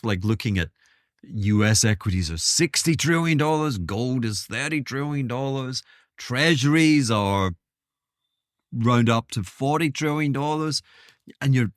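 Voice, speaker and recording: A man's voice: medium pitch, expressive, unhurried, no room sound, studio quality. A man hosting his own podcast, talking in a rambling, self-interrupting way with wry asides. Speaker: podcast host. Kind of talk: casual solo monologue.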